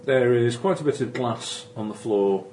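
A man's voice: medium pitch, moderate pace, a little mellow. A man running a tabletop game as game master, describing scenes with many ums and restarts. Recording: noisy recording.

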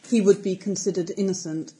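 A woman playing a tabletop role-playing game, speaking in a composed, measured way and turning formal in character. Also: mid-range voice, steady tone, warm tone, a little hiss or hum, rough recording. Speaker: player. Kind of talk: tabletop role-play chat.

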